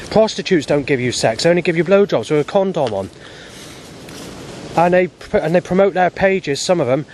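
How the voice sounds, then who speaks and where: A man's voice: fairly high pitch, darkish tone, slight background noise. A man, rambling in an aggrieved personal monologue, swearing often and restarting his sentences. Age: 40s. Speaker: vlogger.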